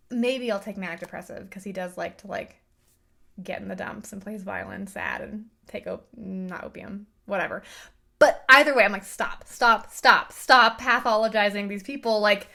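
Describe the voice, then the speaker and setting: A woman giving a casual, animated review rant, exasperated and full of fillers. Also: medium pitch, moderate pace, vocal fry. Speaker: book and film reviewer.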